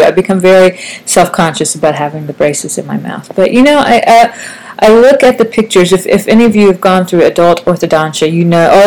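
A woman in her forties vlogs to the camera in casual, rambling, self-deprecating chat, with a slight lisp from new braces. Her voice is fairly low and a little mellow, and the audio is poor.

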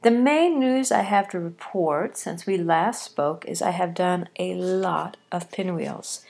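A woman's voice: lowish voice, slow pace, vocal fry, darkish tone. A woman recording a casual audio diary at home while stuffed up with a cold, chatting in a rambling way with frequent restarts. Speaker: quilting podcaster. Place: home, sitting on a couch.

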